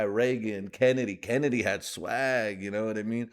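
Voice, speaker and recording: A man's voice: lowish voice, steady tone, normal speed, hardly any pauses. A man hosting a podcast in casual, rambling chat, joking loosely and often saying "you know". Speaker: podcast host.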